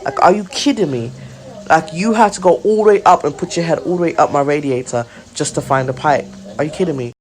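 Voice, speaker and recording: A young woman, a nursery owner recounting an inspection in an indignant, animated storytelling vlog, full of "like". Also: low voice, fairly quick, poor audio. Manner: indignant, animated retelling with frequent "like".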